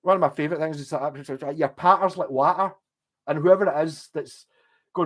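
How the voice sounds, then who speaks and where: A livestream host from Scotland with a posh Glasgow accent rambles chattily, swearing casually and wandering from story to story. His voice is on the high side, fairly bright, and a little fast.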